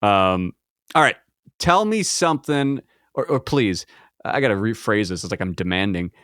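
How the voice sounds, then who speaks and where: A man's voice: fairly low pitch, lively intonation, normal speed, fairly bright tone, no echo. Midwestern guy hosting a podcast, jokey, goofy, bone-dry mic. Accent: Midwestern American. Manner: playful, jokey, acts out voices. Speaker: podcast host. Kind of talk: casual interview chat.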